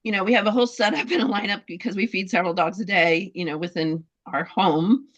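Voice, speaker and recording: A woman telling a heartfelt story about her dogs' health, halting, with many fillers and restarts. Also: medium pitch, dull audio. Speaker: dog breeder sharing a testimonial. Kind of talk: casual testimonial in a group talk.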